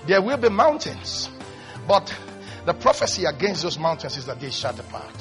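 Man, preacher, sermon, high voice, animated, faint music behind. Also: normal speed. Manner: animated, swings from low and quiet to high shouted mimicry.

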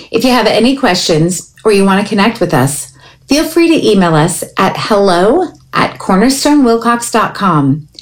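Female host for a church program's closing; even, read-from-script delivery at a mid pitch. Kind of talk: scripted radio outro.

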